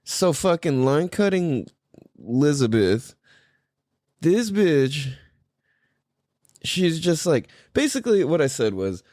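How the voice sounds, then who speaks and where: Animated, profane podcast host. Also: male voice, a little high, slow, pauses often, no echo, clean studio sound. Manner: animated, profane, laughing often. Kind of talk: casual storytelling.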